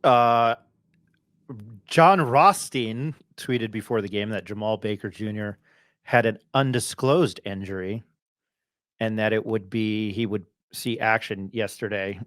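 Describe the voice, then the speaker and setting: A man's voice: on the low side, unhurried, fairly bright tone, no room sound, studio quality. A man hosting a casual sports podcast, chatty and self-deprecating, with rambling asides. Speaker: podcast host.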